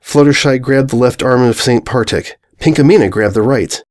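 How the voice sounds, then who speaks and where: A man reads a ridiculous story aloud in a flat, mock-serious deadpan, playing the absurd lines straight. His voice sits at an ordinary middle pitch for a man. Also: normal speed. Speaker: fan fiction reader. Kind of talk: comedic dramatic reading.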